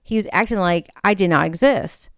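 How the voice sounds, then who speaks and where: A woman's voice: mid-range voice, brisk, no room sound, studio quality. A young woman hosting a podcast, telling a personal story and animatedly acting out the voices of the people in it. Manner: animated, acts out quoted voices. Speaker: podcast host. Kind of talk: storytelling monologue.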